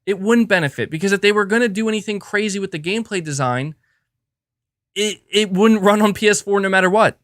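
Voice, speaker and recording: Animated man hosting a live stream. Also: high voice, brisk, no echo, studio quality. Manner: animated, talks in restarts while reading viewer messages. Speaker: livestream host.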